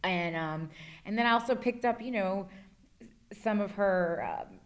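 An actress answering interview questions in a chatty, rambling way with many fillers. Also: female voice, medium pitch, unhurried.

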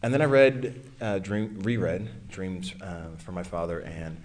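An actor answering interview questions in a relaxed, halting way. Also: male voice, sits low.

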